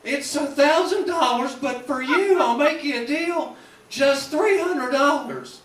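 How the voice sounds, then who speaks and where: A man on stage doing a high, squeaky impression of a sly, wheedling male salesman during a stand-up set. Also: unhurried, fairly bright tone, echoey room, recorded from a distance, rough recording.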